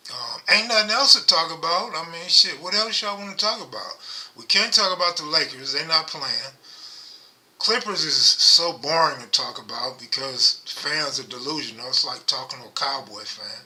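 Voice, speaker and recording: A middle-aged man hosting a casual livestream, talking low and rambling close to his microphone. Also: animated, moderate pace, sharp tone. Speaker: livestream host. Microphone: microphone held close.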